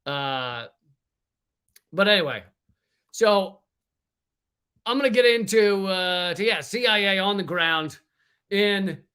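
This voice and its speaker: Guy ranting on his livestream, high bright voice, cusses a lot, keeps restarting. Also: lively intonation, slow, long pauses, clean tone. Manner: profane, rambling, with frequent restarts and laughs. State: sweating from heat. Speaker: comedian livestream host. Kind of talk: casual ranting livestream monologue.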